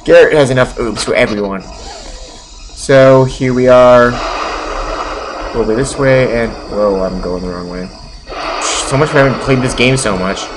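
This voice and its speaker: A man's voice: medium pitch, a little slow, long pauses, noisy background. A man giving let's play commentary in a sarcastic way, mocking the game's dialogue as he plays. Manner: sarcastic, mocking the game dialogue in silly voices. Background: game music.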